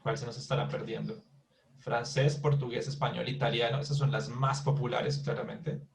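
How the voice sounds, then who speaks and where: A man's voice: mid-range voice, little pitch movement, quick pace, gravelly, rough recording. Man teaching an English class. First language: Spanish. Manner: repeats words to model pronunciation, many restarts. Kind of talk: online class explanation.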